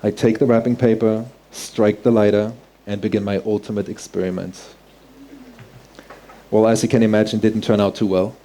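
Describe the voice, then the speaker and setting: A man's voice: lowish voice, flat delivery, moderate pace, warm tone. A man telling a personal story on stage, earnest and heartfelt, in vivid present tense. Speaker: speaker.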